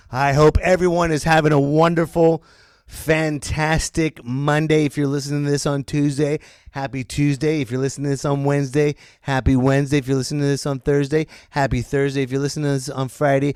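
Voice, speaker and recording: A man's voice: fairly high pitch, flat delivery, a little fast, a little mellow, smooth, no echo, studio quality. A man hosting a solo comedy podcast, goofy and playful, talking straight to his listeners. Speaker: podcast host.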